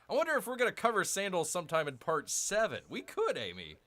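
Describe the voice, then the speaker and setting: Casting note: lively male game streamer, bright and animated, chatty, talks straight to his viewers. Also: fairly high pitch, a little fast, few pauses. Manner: excitable, chatty, keeps addressing viewers as "people". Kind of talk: casual livestream chat.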